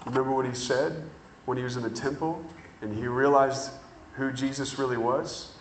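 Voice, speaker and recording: A man preaching a sermon, telling stories in an animated way and drawing out words for emphasis. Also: medium pitch, reverberant, background noise. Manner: animated storytelling with drawn-out emphasis.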